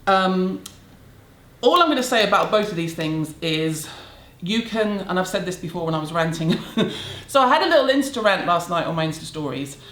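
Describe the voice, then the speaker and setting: A woman's voice: lowish voice, lively intonation, moderate pace, a bit bright. A middle-aged woman with a British accent, ranting bluntly and sarcastically to camera in a casual beauty vlog. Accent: British English. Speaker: beauty vlogger. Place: home room in a city. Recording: roomy echo.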